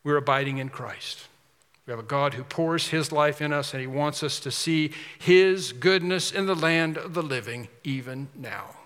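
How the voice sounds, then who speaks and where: A man preaching a sermon, telling a story in an animated way and then closing earnestly toward prayer. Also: fairly high pitch, moderate pace, long reverb tail. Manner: animated storytelling, shifts to soft earnest close.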